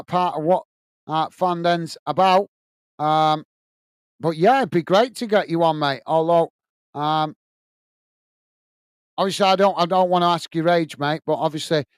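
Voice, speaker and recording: A man's voice: a little high, smooth, no echo. A man hosting a live football watch-along, chatting loosely with viewers, reading out their comments and calling the play, often saying "mate". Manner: reads viewer comments aloud. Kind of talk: casual live-stream chat and match commentary.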